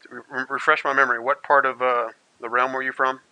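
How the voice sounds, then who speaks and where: A man's voice: mid-range voice, little pitch movement, quick pace, sharp tone, no echo, rough recording. A man narrating as game master, rambling with many fillers.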